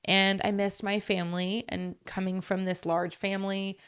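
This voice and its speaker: Smooth-voiced young woman telling her story. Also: medium pitch, level tone, moderate pace, a bit bright. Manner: chatty, uses many fillers like "like" and "um". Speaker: podcast guest. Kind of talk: casual storytelling. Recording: podcast studio.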